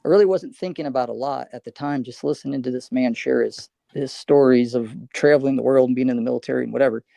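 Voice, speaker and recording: A man's voice: medium pitch, quick pace, gravelly, dark tone, no room sound. A man on a livestream panel, talking in a rambling, storytelling way full of restarts. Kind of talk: casual panel chat.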